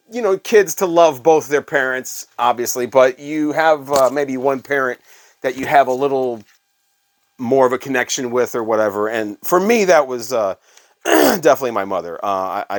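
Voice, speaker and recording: This middle-aged man from Illinois speaks at normal speed and medium pitch. A onetime radio staffer and record collector, he tells rambling, conversational stories laced with fillers in a casual storytelling vlog.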